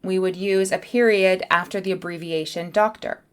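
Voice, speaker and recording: Clear, careful woman teaching English. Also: on the low side, steady tone, moderate pace. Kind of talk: beginner English lesson.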